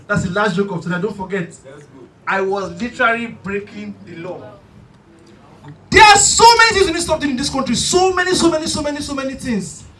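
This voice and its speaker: On a live comedy stage, a male comic with a high, bright voice performs a stand-up set of animated, shouty storytelling punctuated by bursts of preaching. The mic sits at a distance in an echoey hall, catching faint room noise.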